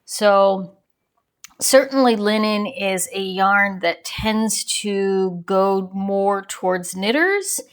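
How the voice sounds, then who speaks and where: A woman talks through a yarn review at an easy, unhurried pace, in a voice that sits at an ordinary middle pitch. She is a crochet channel host who chats as she demonstrates, rambling and drifting into small tangents. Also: animated. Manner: chatty and rambling, digresses with small laughs.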